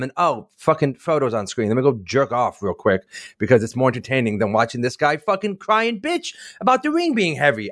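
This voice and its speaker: A man's voice: fairly high pitch, sing-song, moderate pace, a bit bright. A man co-hosting a casual podcast, ranting with heated, profane outbursts. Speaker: podcast co-host.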